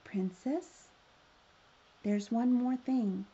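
A stubborn little male frog from a storybook, put on by a woman reading aloud. He speaks slowly and insistently, in a raised, somewhat mellow voice. The recording sounds a little dull. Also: fairly high pitch, breathy edge, exaggerated voice. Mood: pleading. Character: small stubborn male frog, later a prince.

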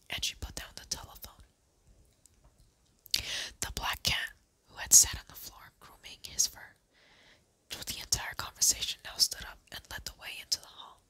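An ASMR host reading a children's book aloud in a slow, gentle whisper.

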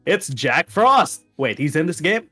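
Wry male host narrating game text, a bit high-pitched, light music bed. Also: sing-song, a little slow, sharp tone. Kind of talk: let's play group chat, reading story aloud.

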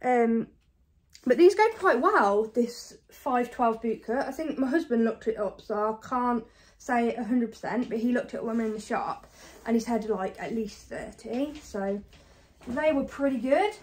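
A woman from the UK chatting casually to camera about her thrift finds, fast and self-deprecating, a bit out of breath. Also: a little high, a little mellow. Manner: chatty and self-deprecating, talks fast with many ums and likes. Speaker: reseller vlogger. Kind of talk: casual haul chat to camera.

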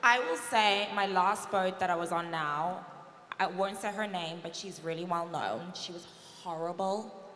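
A woman's voice: fairly low pitch, a little slow, fairly bright tone, soft background music. A woman panelist from yacht crew, answering candidly and with some gossip at a live panel. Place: convention stage. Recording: echoey hall, crowd behind.

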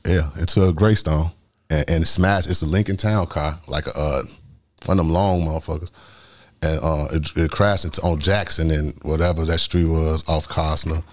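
A man's voice: very deep voice, steady tone, moderate pace. A man, a guest telling a long story in street slang and acting out sounds as he goes. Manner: street slang, rambling retelling with sound effects. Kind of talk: storytelling interview.

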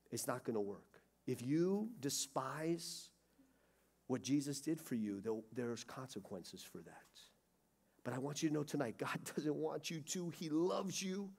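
A middle-aged man preaching a sermon, swinging from loud urgency to hushed pleading. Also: medium pitch. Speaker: pastor. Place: church sanctuary.

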